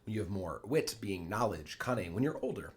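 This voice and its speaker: A man's voice: lowish voice, very animated, fairly quick. A man teaching a play line by line, reading quoted lines in raised voices and then explaining them plainly.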